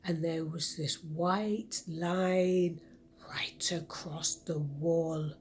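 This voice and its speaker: A woman telling a children's story in a hushed, often whispering voice. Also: deep voice, fairly even intonation, extremely slow, a little hiss or hum. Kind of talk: reading a story to kids.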